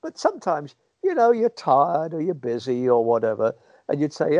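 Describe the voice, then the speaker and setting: A man speaking in a slightly high voice gives long, meandering interview answers and slips into little acted-out quotes of what people might say. The audio is dull and lo-fi, very dry, like a remote call. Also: huge pitch swings, normal speed, dark tone, dry recording. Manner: thoughtful, rambling, acts out quoted speech.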